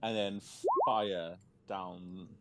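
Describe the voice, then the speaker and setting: A man's voice: low voice, drawn-out words. A man playing a tabletop game with friends, joking and declaring his character's actions. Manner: joking, animated. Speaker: player. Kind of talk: casual tabletop game play.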